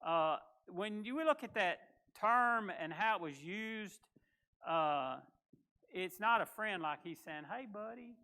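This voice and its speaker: A man's voice: high voice, animated, takes it slowly, sharp tone, clean tone. A man preaching a sermon as pastor, in a folksy, conversational way, acting out the people he quotes.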